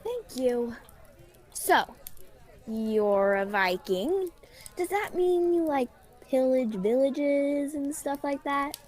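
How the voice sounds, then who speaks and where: A woman's voice: sits high, expressive, takes it slowly, a little mellow. Charlie, a teen girl playing a sarcastic modern teen. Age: teens. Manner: sarcastic, dry, impatient. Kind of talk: school radio theatre.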